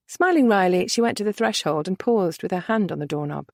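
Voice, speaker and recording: A woman reading a romance novel aloud, her voice moving expressively up and down. She keeps a measured pace, and the recording is dry and close. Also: on the low side, lively intonation, darkish tone, no room sound. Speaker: audiobook narrator. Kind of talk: scripted romance narration.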